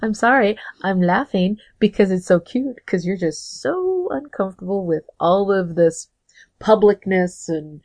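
A woman's voice: medium pitch, animated, a little slow, darkish tone. A woman co-hosting a podcast, chatting playfully and with amusement about a TV episode. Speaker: podcast co-host. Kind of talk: casual TV recap chat.

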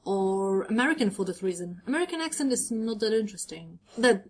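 A woman's voice: medium pitch, expressive, a little fast, breathy edge. Woman, podcast co-host, playful, teasing, laughing asides, casual chat. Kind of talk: casual chat recapping a TV episode.

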